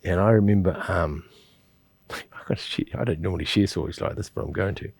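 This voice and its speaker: A middle-aged man leads a qigong class in a lowish voice. He rambles through stories, chuckles often and restarts his sentences. The sound is dry and close, with no room echo. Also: brisk, vocal fry, darkish tone, slightly rough. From New Zealand. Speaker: qigong teacher. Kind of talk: instructional class with personal storytelling.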